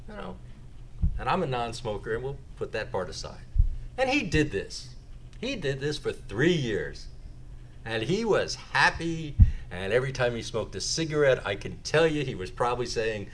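A man's voice: mid-range voice, very animated, normal speed, fairly bright tone, a little hiss or hum. A man giving a lecture and taking audience questions, making joking asides as he explains. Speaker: lecturer on sales tax.

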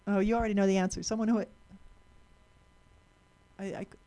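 A woman's voice: mid-range voice, fairly even intonation, fairly quick, warm tone. A woman giving a talk to a live audience, chatty, asking the room questions and often repeating and restarting words.

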